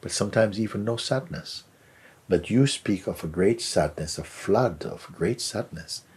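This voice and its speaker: A man giving a soft, unhurried spiritual talk as a teacher answering a question. He often trails into a whisper and gently repeats words for emphasis. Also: fairly low pitch, lively intonation, breathy edge.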